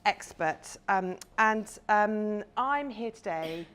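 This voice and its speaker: A woman's voice: medium pitch, expressive, slow pace, fairly bright tone. A woman, a confidence coach giving a chatty, playful talk to a live audience on stage.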